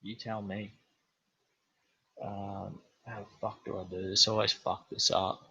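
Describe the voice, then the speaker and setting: Low, forceful-voiced man. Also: flat delivery, measured pace, vocal fry, husky, no echo. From New Zealand. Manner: rambling, profane, laid-back. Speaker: podcast host. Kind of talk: casual monologue. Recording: dull, lo-fi, dry sound.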